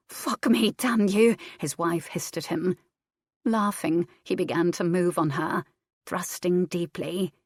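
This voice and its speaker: A woman reads a historical romance aloud in a steady, measured voice. Her tone sits low, and the recording is dry and close, with no room sound. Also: dry recording. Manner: steady, even reading. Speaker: audiobook narrator. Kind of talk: scripted narration.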